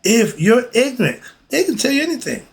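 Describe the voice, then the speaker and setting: A man's voice: extremely high pitch, very animated, fairly quick, gravelly. A man teaching philosophy in a casual, emphatic way, often throwing rhetorical questions at his listeners. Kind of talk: casual spoken lesson.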